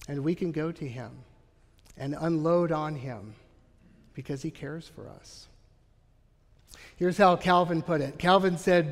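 Male pastor, earnest sermon, slightly high voice, long hall reverb. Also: measured pace. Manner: earnest, emphatic preaching with frequent "Right?" asides.

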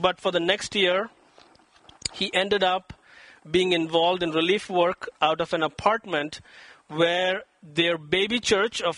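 Bright high-voiced preacher man. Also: dry recording. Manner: dramatic, acts out quoted voices with rising pitch. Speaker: pastor. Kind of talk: sermon.

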